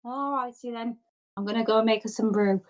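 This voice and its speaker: A woman voicing a kindly, loud, motherly village woman who fusses over her guests. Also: on the high side, brisk, natural voice. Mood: fussing, hospitable. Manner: homely, fussing and hospitable.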